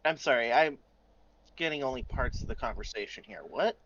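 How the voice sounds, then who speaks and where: A man's voice: medium pitch, lively intonation, fairly quick, a bit bright, slight background noise. A man playing a tabletop game over a video call, talking eagerly and cutting in, over slightly muffled online call audio. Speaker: player.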